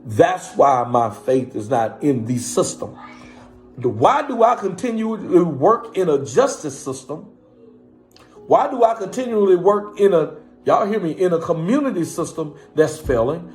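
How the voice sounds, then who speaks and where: Pastor, male, high voice, passionate live-stream sermonizing with call-outs to the audience, faint music behind. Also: sing-song, measured pace, a little mellow. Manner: preaching cadence, repeatedly calling on listeners. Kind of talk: impassioned live-stream talk to viewers.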